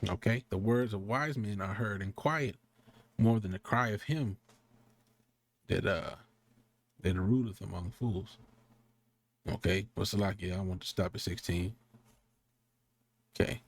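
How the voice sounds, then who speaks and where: A low-voiced man delivers a rambling, street-slang sermon full of profanity and asides. He breaks off to read scripture in a slow, deliberate cadence before sliding back into loose, conversational preaching. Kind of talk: casual sermon with scripture reading.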